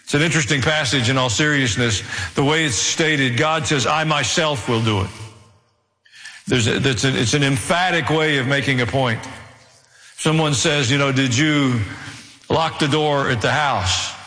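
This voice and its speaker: A man's voice: medium pitch, moderate pace, sharp tone. A man preaching a sermon to a congregation, building intensity as he presses his points, with dry self-deprecating asides. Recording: long reverb of a large hall.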